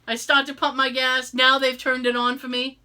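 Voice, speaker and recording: A woman co-hosting a podcast, telling a story in casual chat, animated and exasperated, swearing freely and joking. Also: high-pitched, moderate pace. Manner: jokey, contradicts herself for laughs. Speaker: podcast co-host.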